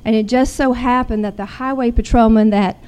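A woman's voice: on the high side, steady tone, normal speed, dark tone, smooth. A middle-aged woman, earnestly telling a personal story. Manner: earnest, growing intense when retelling. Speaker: guest sharing a personal story.

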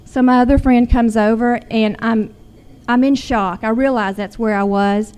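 A woman's voice: a little high, fairly even intonation, normal speed, a little mellow, clear, resonant tone. A middle-aged woman, earnestly telling a personal story. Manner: earnest, growing intense when retelling. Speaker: guest sharing a personal story.

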